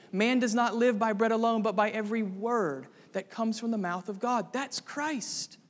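A man's voice: high-pitched, big-room sound. A man preaching a sermon to a congregation, earnest and building to fervent emphasis. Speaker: pastor.

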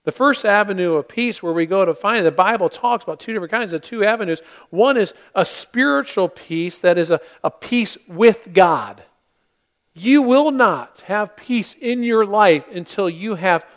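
A male pastor delivering a Christmas-season sermon in earnest tones, with dramatic pauses, telling a story with acted-out voices. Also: sits high, lively intonation, a bit bright. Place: church sanctuary.

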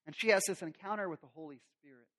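A man's voice: sits high, quick pace, a bit bright. A male pastor preaching a sermon in a conversational, storytelling way with humorous asides.

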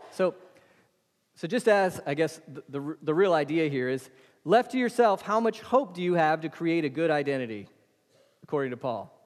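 Male pastor, sermon, emphatic call-and-response delivery, long church-hall echo. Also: on the high side. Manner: emphatic, calls on the congregation to respond.

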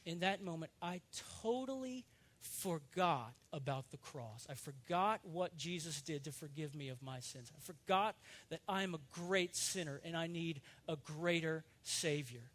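High-voiced man preaching earnestly. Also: expressive, measured pace, a bit bright. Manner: earnest, confessional preaching with repeated restarts. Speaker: pastor. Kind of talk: sermon.

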